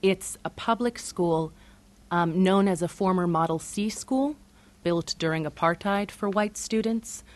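A woman who directed a documentary, giving measured, thoughtful answers in an interview. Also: on the low side, darkish tone.

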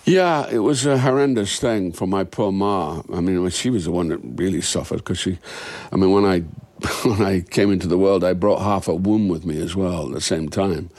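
A man with a fairly low voice speaks in a candid interview. He is an actor, looking back on things thoughtfully and frankly, and now and then lets out a soft laugh. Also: normal speed.

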